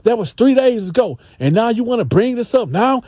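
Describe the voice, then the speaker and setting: A man voicing a hotheaded, boastful male inmate who talks loud and confrontational. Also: sing-song, fairly quick, no echo, heavily acted. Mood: irritated. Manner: pitched up high, loud and confrontational.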